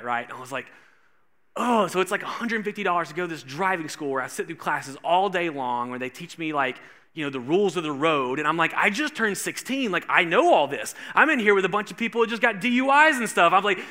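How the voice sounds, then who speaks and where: A man preaching a sermon, telling a funny personal story and acting out the voices in it with lively energy. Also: fairly high pitch. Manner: animated storyteller acting out quotes. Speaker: pastor.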